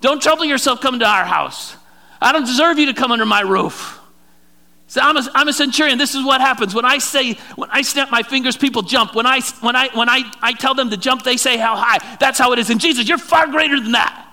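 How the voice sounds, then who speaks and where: A preacher acts out a Roman centurion, humble yet commanding, speaking in a raised, urgent, gravelly voice. His words come quick and emphatic. The tone stays bright and pushed throughout. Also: very high-pitched, long reverb tail, voice pushed up, exaggerated voice. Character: humble male Roman centurion sending word.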